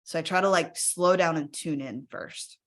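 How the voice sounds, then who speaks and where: A woman's voice: low-pitched, normal speed, fairly bright tone. A woman speaking casually in a live webinar, chatty and encouraging, often checking in with her audience with "right?". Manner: encouraging, invites audience to use the chat.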